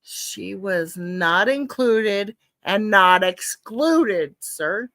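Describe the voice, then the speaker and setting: A woman's voice: mid-range voice, lively intonation, drawn-out words, fairly bright tone, no room sound. A woman commentating live on a trial, skeptical and talking back to the lawyer. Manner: skeptical, talks back to the proceedings.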